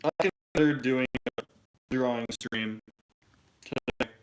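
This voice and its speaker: A man's voice: mid-range voice, moderate pace, bright, forceful tone, slight background noise. A man chatting casually during a live Q&A stream, rambling and restarting his sentences. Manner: rambling, hesitant, many restarts. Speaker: toy review streamer.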